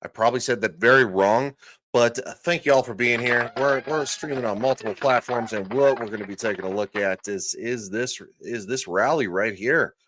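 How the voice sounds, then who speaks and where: Excitable man hosting a live stream. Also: mid-range voice, slight background noise. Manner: excitable, self-deprecating, quick reactions. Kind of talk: casual live commentary.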